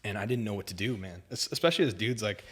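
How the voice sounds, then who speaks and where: Guest, young adult male, low register, loose, filler-heavy storytelling. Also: animated, quick pace, husky. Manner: rambling, filler-heavy, says "like" and "dude" often. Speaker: podcast guest. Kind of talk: casual storytelling chat.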